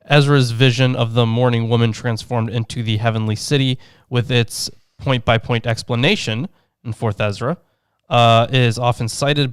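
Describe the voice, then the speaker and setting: Smooth-voiced man, joking podcast co-host. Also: medium pitch, no echo, clean studio sound. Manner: joking, profane asides, reads scholarly notes. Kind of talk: casual chat and reading commentary.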